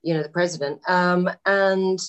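A woman's voice: lowish voice, normal speed, clear, resonant tone, dull audio. A middle-aged actress chatting as a guest, telling an anecdote casually and acting out the voices of people she quotes. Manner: animated, acts out quoted voices, many fillers. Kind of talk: casual storytelling chat.

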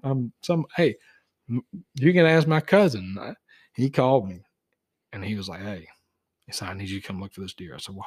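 Husky man telling a story. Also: mid-range voice. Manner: folksy, acts out both sides of phone calls. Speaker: guest, deer tracker. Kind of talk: casual storytelling.

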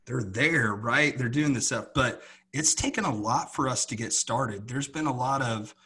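A man's voice: medium pitch, moderate pace, bright, forceful tone, slightly rough. A man co-hosting a podcast, talking in an earnest, reflective way with many restarts. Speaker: podcast co-host. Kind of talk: casual conversation.

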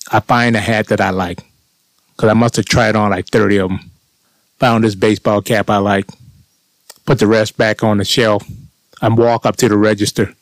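Middle-aged man, lowish voice, dry close sound, casual profane storyteller. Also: no echo. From United States. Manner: animated, profane, indignant.

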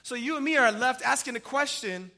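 A male pastor with a very high-pitched voice preaches a sermon, vividly retelling a scripture story at a brisk pace. His intonation is lively, with some vocal fry, and he swings between loud emphasis and hushed, quiet lines.

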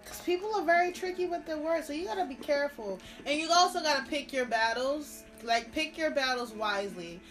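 High-voiced woman giving earnest advice. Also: brisk, hardly any pauses, a bit bright, faint music behind. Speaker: podcast co-host. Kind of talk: casual chat.

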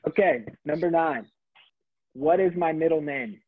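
A man's voice: fairly high pitch, unhurried, husky. A man hosting a casual quiz on a podcast over a video call, teasing and playful. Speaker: quiz host. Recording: tinny phone-like call audio.

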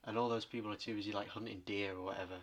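A man's voice: lowish voice, level tone, racing, over a noisy crowd. A man co-hosting a casual film podcast, trading dry, teasing remarks. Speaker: podcast co-host.

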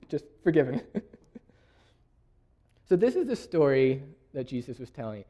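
A man's voice: medium pitch, sing-song, measured pace, warm tone, lo-fi sound. A young man from Canada giving a sermon, reading scripture aloud and laughing often. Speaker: preacher.

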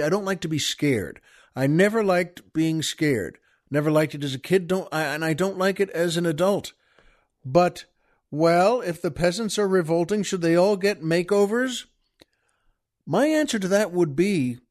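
An older man hosts his own show in a loose, wandering monologue, stopping for fillers and soft laughs. His voice sits a little high for a man, and his manner is chatty and folksy. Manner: folksy, chuckling, meandering with many fillers and restarts. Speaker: podcast host. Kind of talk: casual rambling monologue.

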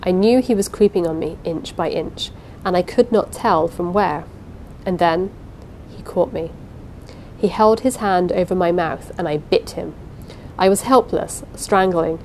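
A woman's voice: fairly low pitch, a little mellow, a little hiss or hum, rough recording. A woman narrating a first-person story aloud, reading in a dramatic, suspenseful way. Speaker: audiobook narrator.

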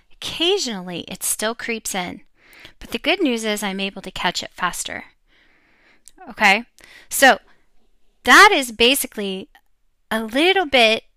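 A middle-aged woman sharing an emotional personal testimony about her faith, talking earnestly with pauses and fillers. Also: fairly high pitch, pushed and bright, clear, resonant tone, no room sound. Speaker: Christian speaker sharing a testimony.

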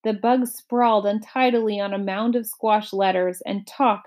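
A woman reading a children's novel aloud, in a steady, clear storytelling manner. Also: medium pitch, normal speed. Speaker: storybook reader.

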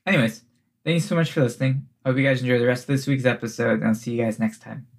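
A young man hosting a casual tabletop gaming podcast and playing along, easygoing and quick to laugh. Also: medium pitch, vocal fry. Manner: easygoing, laughs often, loose fillers. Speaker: podcast host and player. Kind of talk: casual chat and tabletop play.

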